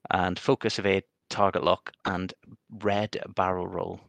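A man's voice: low voice, little pitch movement, unhurried, creaky, fairly bright tone, no room sound. A man co-hosting a casual gaming podcast, rambling and often repeating words as he restarts his sentences. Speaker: podcast co-host.

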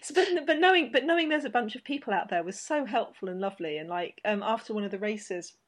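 A woman's voice: on the high side, quick pace. A woman hosting an interview, telling stories in a chatty, rambling way with lots of restarts. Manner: chatty, rambling, animated storyteller with many restarts. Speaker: podcast host. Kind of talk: casual interview chat.

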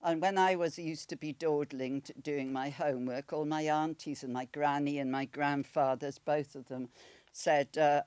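A woman's voice: sits low, steady tone, moderate pace, darkish tone, clean tone, no echo. Chatty Welsh woman in her eighties. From Wales. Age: 80s. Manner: chatty, rambling, with laughs and restarts. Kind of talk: personal storytelling.

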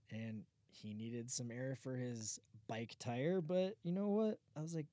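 A man's voice: mid-range voice, expressive, normal speed, hardly any pauses, a little mellow, no room sound. A man co-hosting a podcast, chatting casually and telling stories with an easygoing, slightly sarcastic manner. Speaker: podcast co-host, drone videographer. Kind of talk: casual chat.

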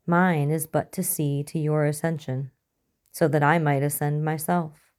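Woman reads a calm male cult preacher, low and mellow, quietly menacing. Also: a little slow. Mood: serene. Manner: soft-spoken, unsettlingly calm.

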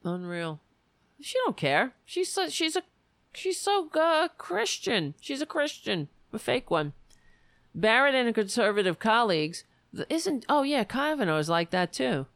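Brief: furious, profane female commentator, slow, clear and dry close voice. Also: on the high side, very animated, a bit bright, dry recording. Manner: indignant, profane, emphatic. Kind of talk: angry political rant.

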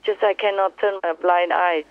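A woman's voice: on the low side, fairly even intonation, moderate pace, no echo. A woman teacher speaks fervently to her disciples on a phone call. She hammers her points home and repeats them. The line is tinny and narrow, and the voice sits dry with no room sound. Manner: impassioned, repetitive, emphatic. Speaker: spiritual teacher. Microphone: telephone.

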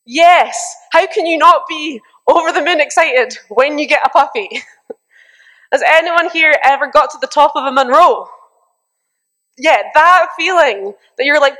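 A young woman preaching a lively sermon, reading scripture and telling animated stories with mimicked exclamations. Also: high voice, a little slow.

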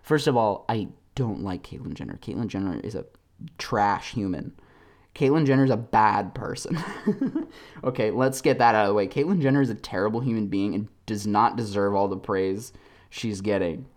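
Solo podcaster ranting, rambly, lots of likes and laughs, mumbly then loud. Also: mid-range voice, animated, moderate pace. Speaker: podcast host.

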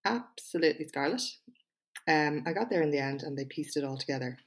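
Low-voiced, frank woman podcaster. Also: animated, fairly quick. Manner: frank, chatty, self-deprecating, with emphatic speech-style delivery. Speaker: podcast host and small business owner. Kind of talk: solo podcast monologue, reading her own speech aloud.

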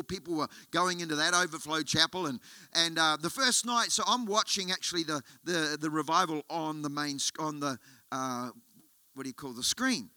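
A man's voice: on the high side, sharp tone, no echo. An Australian man preaching as a guest pastor, telling a story and building to emphatic, rising appeals. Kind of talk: sermon. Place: church auditorium.

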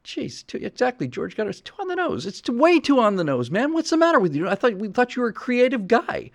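A man doing a scoffing, high-pitched studio executive. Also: huge pitch swings, quick pace, vocal fry, exaggerated voice. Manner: scoffing, incredulous. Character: exasperated male movie studio executive.

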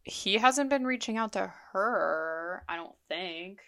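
A young adult woman co-hosting a podcast who reacts with quick, chatty interjections. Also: medium pitch, lively intonation, a crowd in the background. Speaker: podcast co-host. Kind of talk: casual podcast chat.

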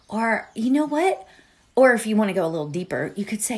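A middle-aged woman hosts a podcast, chatting casually and warmly with plenty of fillers and side remarks before she leads a meditation. She talks fast in a medium-pitched voice.

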